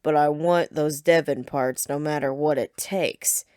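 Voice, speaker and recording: Woman doing a burly pirate boss man, menacing, condescending, low voice, dry close sound. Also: steady tone, unhurried, warm tone, clear, resonant tone, no echo. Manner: threatening and condescending. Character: burly menacing male pirate gang leader.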